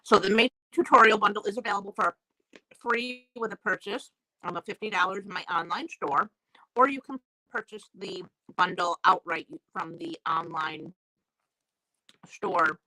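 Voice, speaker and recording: A woman's voice: mid-range voice, normal speed, pushed and bright, dry recording. A woman with a sore throat and crackly voice, chatting casually as she hosts a live stamping class and greets viewers by name. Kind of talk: live-streamed craft class chat. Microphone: new desk mic.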